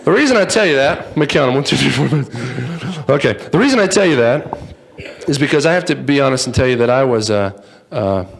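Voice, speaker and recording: Brief: a man as speaker telling a joking story, lively and playful. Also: mid-range voice, fairly quick, vocal fry, a little hiss or hum. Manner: playful, acts out voices, jokes with the audience. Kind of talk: humorous storytelling talk. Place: in front of a live audience.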